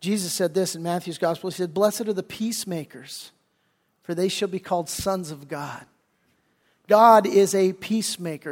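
A male pastor preaches a sermon, moving between scripture reading and loose, slangy retelling. His voice sits very high for a man. The sound rings with long reverb from a large hall.

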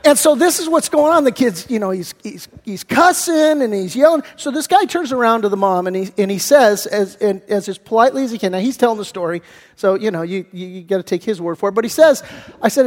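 Male pastor, high voice, animated and casual in the pulpit; long hall reverb. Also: a little fast. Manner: animated storyteller, chatty, many fillers. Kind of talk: sermon. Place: church sanctuary. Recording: long echo in a church hall.

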